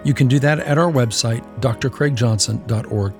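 A man preaching a sermon as pastor, animated and playful, acting out little quoted exchanges. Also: mid-range voice, fairly quick, faint music behind.

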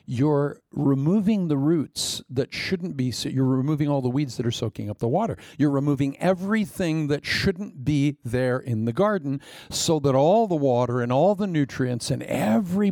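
A male pastor delivers an emphatic sermon, his fairly high voice gravelly with fry. He repeats phrases for weight and leaps up in pitch at key words, recorded close and dry with no room sound. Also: animated, normal speed, hardly any pauses, dark tone, no room sound.

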